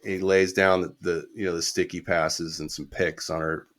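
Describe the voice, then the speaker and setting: A man's voice: low voice, flat delivery, normal speed, fairly bright tone. A middle-aged man, a guest musician, telling a casual anecdote with quoted dialogue and the odd swear word.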